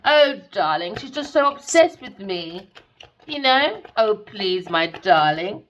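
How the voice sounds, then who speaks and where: A smug cheating man, patronizing and dismissive, drawing out "darling" in a mocking sing-song, as a woman puts him on. The voice sits a little higher and louder than her usual talk. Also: big pitch swings, slow pace, slight background noise, full character voice, poor audio.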